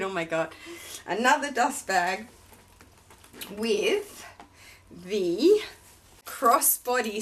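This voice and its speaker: A woman's voice: a little high, bright, forceful tone, slight background noise. A woman vlogger unboxing a luxury handbag, talking in a gushing, effusive way about every detail.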